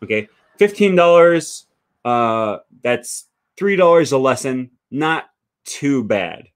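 Casual male language tutor, mid pitch, loose and chatty, peppers his talk with "okay" and "um.". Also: lively intonation, slow pace, smooth. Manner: chatty, frequent "okay" and "um" fillers, thinks aloud. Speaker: language teacher and channel host. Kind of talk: casual livestream talk reading viewer comments.

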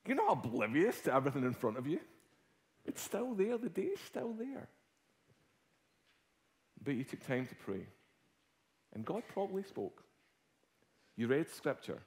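Scottish guy preaching, bit high voice, really lively, goes quiet then loud telling a story. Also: unhurried, pauses often. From Scotland. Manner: animated storytelling, swinging from hushed to loud. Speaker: guest preacher. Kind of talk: sermon with personal story.

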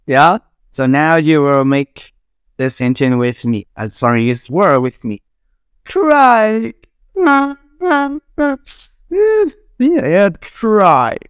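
A woman's voice: low voice, very animated, drawn-out words, smooth, dry recording, clean studio sound. A young woman teacher drilling English words for children, repeating each one and laughing between examples. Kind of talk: classroom drilling lesson.

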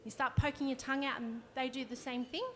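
A woman's voice: high voice, fairly even intonation, fast. A woman, a counsellor giving a conversational workshop talk and demonstrating as she explains. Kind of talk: live presentation to an audience.

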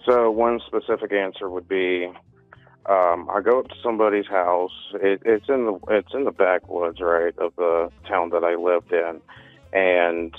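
A man's voice: low voice, no room sound. A man calling in to a show, telling a story in a hesitant, rambling way full of fillers. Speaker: caller. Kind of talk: phone-in storytelling. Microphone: phone. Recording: tinny phone line.

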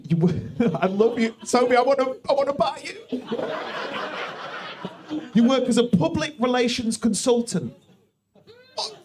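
A man's voice: very high voice, lively intonation, a little slow, pauses often, darkish tone. A male stand-up comedian doing crowd work on a comedy club stage, rambling and teasing, often cutting himself off mid-sentence. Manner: rambling, teasing, self-interrupting.

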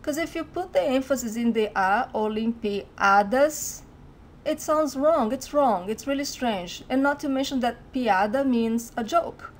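Brazilian woman, teacher, slightly high voice, clear careful delivery, faint room hum behind. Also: moderate pace, few pauses. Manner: clear, careful pronunciation drills. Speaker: Portuguese teacher. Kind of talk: language lesson to camera.

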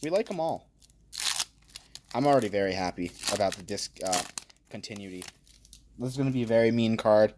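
Opening card packs on his channel, this male host jokes around, reads out card names, and breaks into excited exclamations. He speaks at a fairly low pitch and a little fast, pausing often, with noise in the background.

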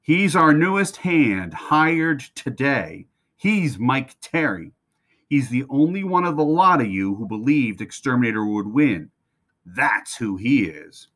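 A quiet-spoken horse trainer who can turn firm, read in a storybook by a man who leans a little above his own low voice. The manner is steady and kindly. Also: moderate pace, slightly rough.

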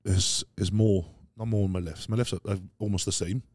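A very low-pitched man talks quickly in a casual interview, with a dark, mellow tone. He rambles through lively stories and keeps calling the host "mate." His voice is recorded close and dry. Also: dry recording. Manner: rambling, animated storytelling peppered with "mate". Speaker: podcast guest, strongman athlete.

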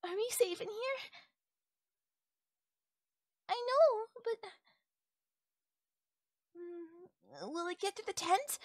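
A naive young wolf-girl, voiced by a woman in an ASMR audio role-play, asking question after question. Her voice sits high and swoops up and down, and she takes her time with every word. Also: expressive, very slow, long pauses, no room sound, clean studio sound, exaggerated voice. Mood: soft, wondering. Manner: wondering, questioning, innocent. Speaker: voice actress.

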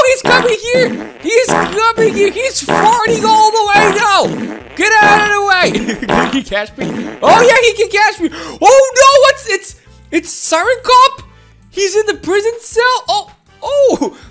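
A woman commentating her own gameplay, excitable and giggly, often talking to viewers. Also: very high-pitched. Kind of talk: playful game commentary.

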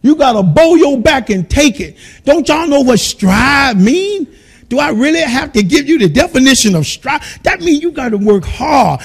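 A man preaching a sermon as pastor, calling out to the congregation and swinging between quiet storytelling and shouting. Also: very high voice, sing-song, moderate pace, creaky.

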